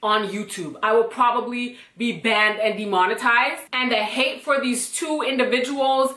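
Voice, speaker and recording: A woman telling a personal story to camera in a casual, blunt, animated way, swearing freely. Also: fairly high pitch, normal speed, echoey room. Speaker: storytime vlogger.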